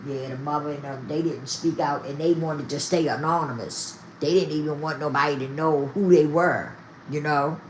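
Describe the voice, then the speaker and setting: A woman's voice: sits low, fairly even intonation, normal speed, a little hiss or hum. An older woman talking casually to her viewers, emphatic and repetitive. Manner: emphatic, repeats herself, talks straight to viewers. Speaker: vlogger.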